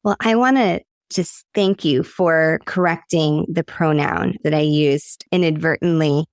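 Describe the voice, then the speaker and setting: A woman's voice: low voice, a little slow, no room sound, clean studio sound. A woman hosting a podcast, speaking candidly and reflectively as she opens up to her guest. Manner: candid, reflective, openly vulnerable. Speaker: podcast host. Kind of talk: conversational interview.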